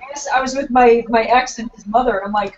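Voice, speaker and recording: A high-pitched woman from Illinois telling stories in a loose chat, swearing and acting out quoted exchanges. She sits away from the mic, and the audio is muffled. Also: fairly even intonation, fast talker, slight background noise. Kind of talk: casual chat. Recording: distant dull podcast audio.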